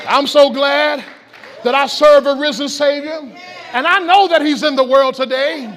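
A man's voice: extremely high pitch, unhurried, a faint crowd, slight background noise. A man preaching an impassioned Easter-style sermon in a church, calling out to the congregation. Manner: impassioned, shouting call-and-response preaching. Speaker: pastor. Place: church sanctuary.

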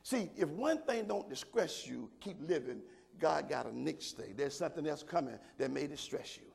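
An older man preaching a sermon, swinging from low murmurs to shouted preaching and throwing questions to the congregation. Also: expressive, moderate pace, creaky, breathy edge. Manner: call-and-response asides to the congregation. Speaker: pastor.

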